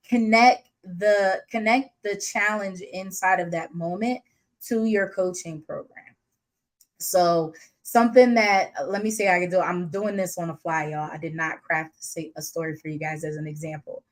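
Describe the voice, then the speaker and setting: Woman coach, mid-range voice, unscripted and candid, quick to laugh. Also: medium pitch, poor audio. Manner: lively, laughs often, slangy and candid. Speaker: business coach. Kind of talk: casual unscripted teaching.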